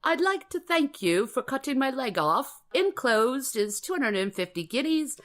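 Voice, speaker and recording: A courtly, pleading Englishman from the seventeen hundreds, all "please, sir" and stiff manners, as a woman puts him on for a laugh. The voice sits higher than her usual talk and stays politely formal. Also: sing-song, a bit bright. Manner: over-formal mock-English put-on, haltingly polite.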